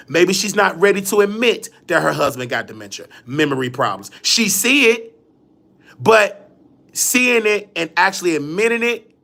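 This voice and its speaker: A man's voice: high-pitched, creaky, pushed and bright. A man hosting a live show, telling a rambling, repetitive story in casual chat. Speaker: host. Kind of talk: casual livestream monologue.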